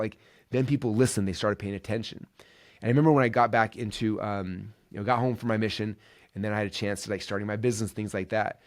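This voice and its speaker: A man's voice: on the low side, quick pace. A man hosting a podcast, telling stories in a casual, enthusiastic monologue full of "like" and "right". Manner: energetic, enthusiastic, many fillers like "like" and "right". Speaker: podcast host.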